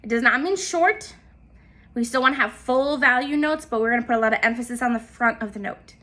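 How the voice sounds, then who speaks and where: Bright high-voiced woman teaching music. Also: brisk. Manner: patient, counts and names notes aloud. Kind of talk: step-by-step instrument lesson.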